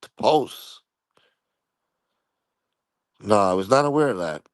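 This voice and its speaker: A man's voice: fairly low pitch, lively intonation, slow, no echo. Profane, blunt man hosting a live stream. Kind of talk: casual live-stream chat answering viewer comments.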